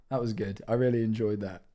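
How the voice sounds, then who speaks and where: A man's voice: fairly low pitch, steady tone, normal speed, dark tone. A man chatting casually on a livestream, rambling and self-deprecating, with frequent swearing. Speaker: streamer.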